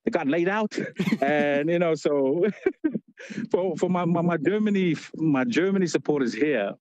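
Man, correspondent, casual live report, chatty, laughs a lot, slightly high voice, dry sound. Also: unhurried, darkish tone, no echo, muffled recording. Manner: chatty, laughs often while telling stories. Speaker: correspondent on a radio show. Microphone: phone call.

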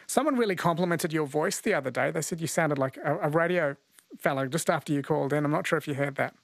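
A man's voice: fairly high pitch, fast, gravelly, no room sound, studio quality. A man hosting a radio call-in quiz, chatting in a friendly way with callers. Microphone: studio mic.

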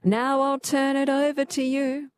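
A woman hosting a talkback radio quiz, chatty and quick to laugh. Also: high-pitched, little pitch movement, no room sound.

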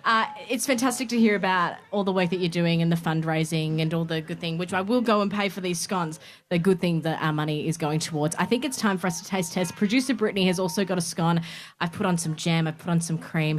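A woman hosting a live radio broadcast from an outdoor show, bubbly and quick to laugh. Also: on the low side. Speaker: radio host.

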